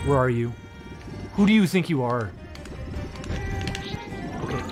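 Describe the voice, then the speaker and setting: A man giving casual, laid-back commentary while streaming a video game, chatting easily and then breaking into loud, laughing outbursts. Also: medium pitch, expressive, unhurried, pauses often, over music.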